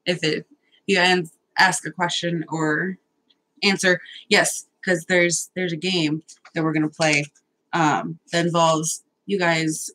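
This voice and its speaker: A woman's voice: on the low side, a little slow, fairly bright tone, poor audio. A young woman hosting a casual live stream, chatty, nervous and self-deprecating, swearing now and then as she sorts out technical problems.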